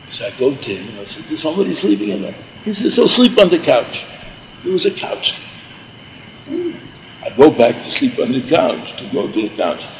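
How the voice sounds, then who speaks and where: Older man, gravelly, rambling storyteller who repeats himself, light background hiss. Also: mid-range voice, rough recording. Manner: meandering, repeats himself, mixes in Yiddish and Hebrew words. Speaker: storyteller recalling yeshiva days.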